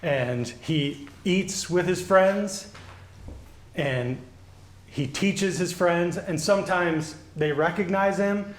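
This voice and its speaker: A male pastor giving a children's sermon, gently asking the children questions and answering them. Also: high voice, slow pace. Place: church sanctuary. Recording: echoey church.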